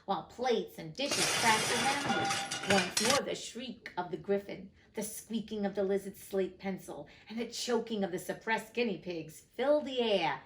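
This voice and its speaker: A woman's voice: medium pitch, measured pace, heavy background noise. A woman reading a classic storybook aloud, with chatty, emotional asides to listeners. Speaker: reader of classic books.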